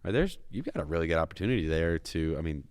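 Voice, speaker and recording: A man with a very deep voice co-hosts a casual podcast. He jokes around and keeps checking in with "right?" as he talks things through. The recording is dry and close-miked. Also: lively intonation, fast talker, darkish tone, no echo. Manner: jokey, filler-heavy, says "right?" a lot. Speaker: podcast co-host.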